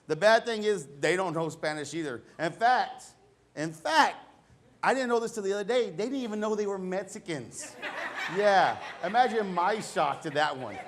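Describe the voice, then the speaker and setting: Middle-aged male stand-up comic, high-pitched, talky, self-deprecating, performs voices for dialogue. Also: lively intonation, normal speed. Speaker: stand-up comedian. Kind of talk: stand-up comedy set. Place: comedy lounge with a live audience.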